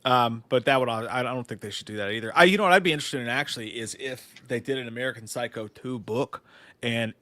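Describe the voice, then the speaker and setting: Man, co-host, casual profane live-stream chat, animated, middle pitch. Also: quick pace, no echo. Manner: animated, profane, laughs often, reads viewer comments aloud. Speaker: co-host of a movie news stream.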